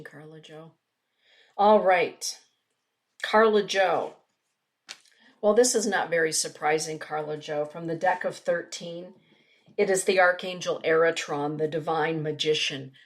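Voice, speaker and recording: A middle-aged spiritual teacher chats casually with viewers in a webinar and reads passages from oracle cards. She speaks with a low voice at a measured pace.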